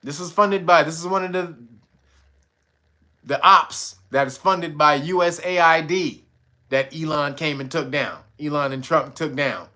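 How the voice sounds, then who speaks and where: A man's voice: fairly high pitch, a little slow, bright, forceful tone. A man hosting a livestream commentary, profane and mocking, laughing often and talking to his chat. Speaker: channel host. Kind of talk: livestream commentary reading news.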